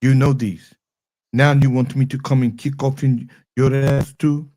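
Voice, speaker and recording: A man's voice: medium pitch, level tone, measured pace, mellow, lightly acted. A man doing a mock-Russian strongman. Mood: menacing. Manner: boastful, comic threats. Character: blustering foreign strongman, threatening, broken English. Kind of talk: comedic impression skit.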